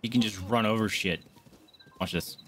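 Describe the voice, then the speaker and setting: A young man streaming a game, chatting casually with viewers, excitable, swearing, jumping from hushed asides to loud outbursts. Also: fairly low pitch, moderate pace, soft background music. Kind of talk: casual gameplay commentary.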